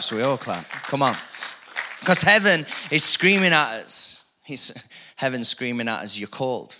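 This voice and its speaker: A male pastor with a bright, forceful voice delivers a lively sermon. He repeats key phrases for emphasis and drops in casual asides. He speaks to a church congregation. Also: on the high side. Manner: energetic, repetitive preaching with rising emphasis and asides.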